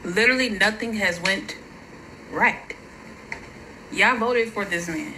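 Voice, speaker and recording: Furious profane woman ranting, bright voice. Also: mid-range voice, slow pace, slight background noise, rough recording. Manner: furious, profane, shouting in bursts. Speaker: social media creator. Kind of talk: angry rant to camera.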